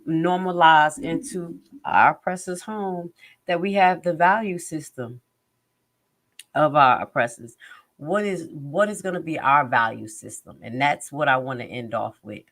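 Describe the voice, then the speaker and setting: Blunt, animated woman hosting a live stream. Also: sits low. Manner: blunt and animated, acts out other people's lines. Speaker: host of a live commentary stream. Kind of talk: casual live-stream commentary.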